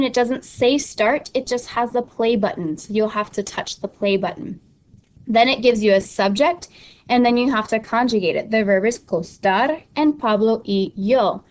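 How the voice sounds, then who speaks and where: A young adult woman teacher explaining an online study tool step by step, casual and instructive with frequent ums and restarts. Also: a little high. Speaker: Spanish teacher. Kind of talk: screen-recorded tutorial walkthrough.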